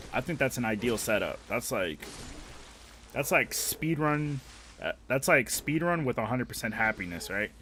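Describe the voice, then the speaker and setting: A man's voice: mid-range voice, a bit bright, a little hiss or hum. A young man streaming a game, chatting casually with viewers in a rambling, profane, opinionated way. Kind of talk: casual live-stream chat while gaming.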